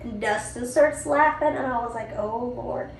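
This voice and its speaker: A woman podcast host telling a family story in a chatty, animated way, with frequent asides to the listener. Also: a little high, moderate pace. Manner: chatty, animated, lots of "you know" and "right?". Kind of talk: casual storytelling. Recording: roomy, distant mic, faint ambience.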